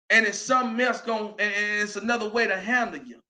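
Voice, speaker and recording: A Southern American man delivers a motivational monologue as host of his show. His voice sits very high and rings bright and forceful. He talks in a preachy, emphatic way, rising into shouts. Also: fairly even intonation, quick pace.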